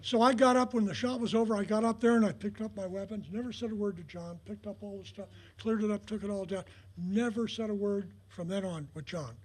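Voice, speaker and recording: Older man, husky voice, highish pitch, rambling anecdotes, lots of uhs, acts out dialogue. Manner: rambling, many filler pauses, acts out quoted dialogue. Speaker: retired prop master giving a talk. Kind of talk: anecdotal storytelling talk. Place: talk in front of an audience.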